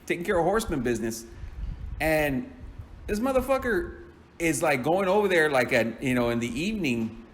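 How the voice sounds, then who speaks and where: A man's voice: on the high side, big pitch swings, normal speed. A man telling a story in a casual, rambling way, swearing and laughing often.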